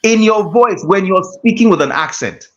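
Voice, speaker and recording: A man's voice: high voice, lively intonation, moderate pace. A man, a guest mentor giving a motivational class talk with emphatic, repeated phrases. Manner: emphatic, preacher-like repetition. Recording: dull lo-fi call audio.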